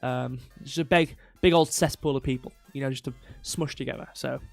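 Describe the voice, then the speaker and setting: A man hosting a crypto livestream in casual chat, rambling, restarting sentences and reading chat aloud while slowly losing his voice. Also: medium pitch, fairly even intonation, creaky, a little mellow, no echo, faint music behind. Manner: rambling, self-interrupting, reads chat aloud. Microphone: desk mic.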